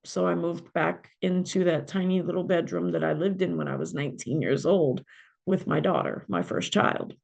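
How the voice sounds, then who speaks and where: A middle-aged woman, a podcast guest and spiritual mentor, telling a personal story in an emotional, halting way. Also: fairly low pitch, vocal fry, darkish tone. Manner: emotional, halting, with pauses and fillers.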